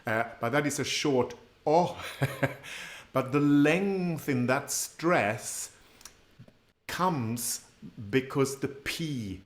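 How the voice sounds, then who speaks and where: A man's voice: medium pitch, expressive, drawn-out words, reverberant. A man co-presenting a language class, explaining pronunciation methodically with some hesitation. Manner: explains methodically, many fillers and restarts.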